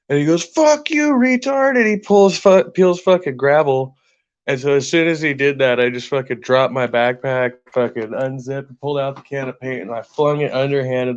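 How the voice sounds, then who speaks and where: A man in casual podcast chat, telling long, rambling stories packed with swearing. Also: medium pitch. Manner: profane, rambling anecdotes with heavy swearing. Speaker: podcast co-host. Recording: dull lo-fi sound.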